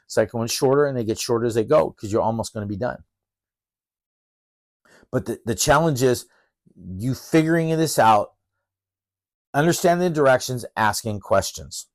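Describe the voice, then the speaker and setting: A man's voice: medium pitch, no room sound, clean studio sound. Emphatic, fired-up male professor. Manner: emphatic, fired-up, direct coaching tone. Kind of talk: course introduction lecture.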